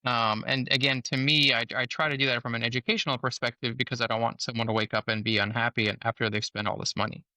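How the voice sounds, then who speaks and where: A man's voice: mid-range voice, fairly even intonation, fast talker, hardly any pauses, bright, forceful tone, dry recording. A man, a surgeon guest on a podcast, explaining things in a patient, educational way.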